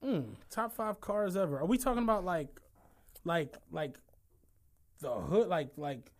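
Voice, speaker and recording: A man, co-hosting a podcast and telling stories in an animated, profane way. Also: sits high, measured pace, gravelly. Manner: animated, profane, laughs through his stories. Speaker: podcast co-host. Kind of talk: casual storytelling chat.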